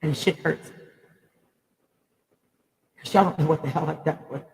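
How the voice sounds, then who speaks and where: A woman's voice: low-pitched, measured pace, creaky, darkish tone, long reverb tail, rough recording. A woman giving a raw, emotional personal monologue to viewers, speaking bluntly and swearing freely.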